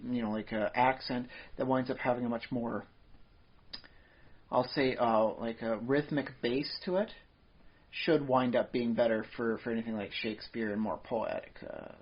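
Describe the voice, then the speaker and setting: A man of middle pitch chatting on a podcast, circling his point through many fillers and restarts. The sound is dull and lo-fi. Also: fairly even intonation, moderate pace. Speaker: podcast co-host. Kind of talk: casual chat.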